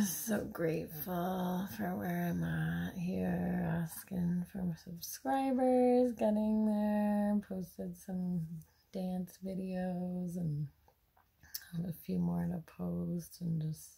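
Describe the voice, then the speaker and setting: A woman's voice: on the low side, extremely slow, gravelly, warm tone, slightly rough. A young adult woman vlogging about her day in a dreamy, gushing way, laughing often. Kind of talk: casual daily vlog.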